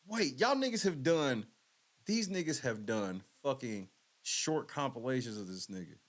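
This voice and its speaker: Laughing, lively podcast host, a man. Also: medium pitch, measured pace. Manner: laughing, incredulous. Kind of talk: casual reaction commentary.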